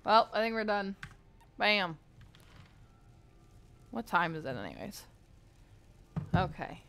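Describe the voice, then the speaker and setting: A woman streamer reading a fantasy story aloud in a steady, low-key way, then chatting playfully while she plays a game. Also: slow pace, vocal fry, a little hiss or hum.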